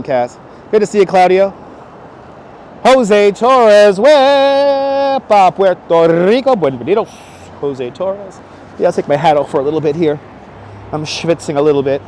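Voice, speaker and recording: A man's voice: fairly high pitch, mellow, a little hiss or hum. A man chatting casually with viewers while live-streaming as he walks city streets, greeting them by name and joking. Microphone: wireless clip-on mic.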